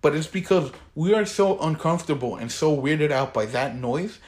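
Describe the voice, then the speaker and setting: A man's voice: fairly high pitch, normal speed. Teen male co-host, casual profane rant, rambling delivery. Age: teens. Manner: profane, rambling, gets worked up. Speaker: podcast co-host. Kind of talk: casual chat.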